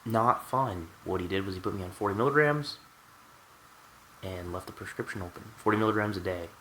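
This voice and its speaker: A man's voice: deep voice, brisk, bright, forceful tone, a little hiss or hum, low-quality recording. A man telling a candid, wry personal story to the camera in a storytime vlog. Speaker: vlogger.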